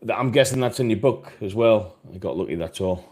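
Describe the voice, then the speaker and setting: A man's voice: fairly low pitch, brisk, darkish tone. A man with a British accent hosting a live podcast stream, talking in a hesitant, easygoing way full of fillers. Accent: British English. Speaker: podcast host reading chat. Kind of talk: casual live-stream chat.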